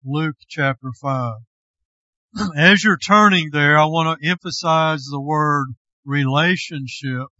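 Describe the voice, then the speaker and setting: Slow deliberate male pastor preaching, bright voice, kinda dull lo-fi sound. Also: on the high side, dry recording. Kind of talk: sermon.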